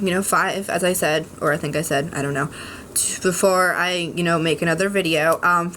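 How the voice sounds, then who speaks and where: Rambling young woman, low voice. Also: fairly bright tone, a little hiss or hum. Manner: rambling, frequent ums and restarts, frank swearing. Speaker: vlogger. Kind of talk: candid casual talk to camera. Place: at home.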